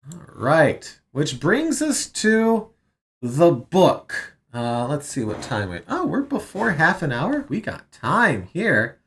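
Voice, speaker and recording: A man's voice: on the high side, huge pitch swings, slow pace, fairly bright tone. A man studying on a stream, thinking aloud with many fillers as he sounds out foreign words and translates them. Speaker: language learner streaming his study. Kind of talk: casual self-study narration.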